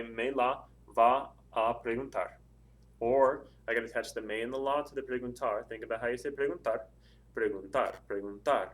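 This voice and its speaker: A man teaches a recorded language lesson in a steady, mid-pitched voice. He explains grammar carefully and repeats example words slowly so students can hear where the stress falls. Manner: slow, careful, repeats words to model pronunciation. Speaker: Spanish teacher.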